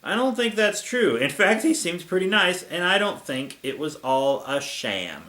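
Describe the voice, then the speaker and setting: A man's voice: high-pitched, very animated, unhurried, pushed and bright, roomy sound, pitched above the performer's own voice, heavily acted. A man reading as an eager young moth girl. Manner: storybook first-person reading. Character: young female giant moth, eager and naive.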